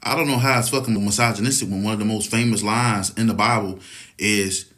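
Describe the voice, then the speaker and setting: A man's voice: fairly low pitch, fairly even intonation, a little fast, fairly bright tone. A man giving a casual, rambling opinion monologue, swearing often and asking if you follow him. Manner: profane, rambling, keeps asking "you know what I'm saying".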